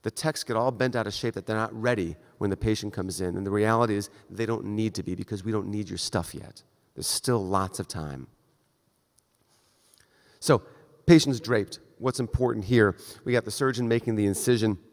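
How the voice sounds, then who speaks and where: With a lowish voice at normal speed, a male surgeon delivers a conference lecture plainly and conversationally, acting out short exchanges. The long reverb of the lecture hall carries his words.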